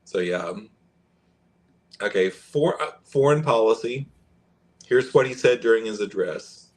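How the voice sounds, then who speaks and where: A man's voice: mid-range voice, expressive. A man hosting a podcast, reading fact checks aloud and commenting in a conversational way. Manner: conversational, pauses and restarts while reading aloud. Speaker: podcast host.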